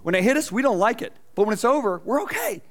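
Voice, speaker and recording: A middle-aged man preaching an energetic sermon to a congregation, telling stories with acted-out voices and swinging between loud and soft. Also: high voice, fast talker. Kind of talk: energetic sermon with stage demonstration. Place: church stage before a congregation.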